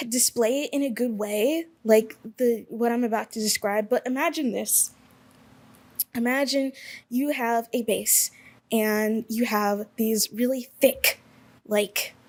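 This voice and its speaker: A young woman from Alabama hosts her own podcast alone, speaking in a slightly higher register. Her talk rambles casually, doubling back to fix her own words as she chats. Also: a little mellow. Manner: rambling, chatty, self-correcting. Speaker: podcast host. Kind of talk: casual solo podcast monologue.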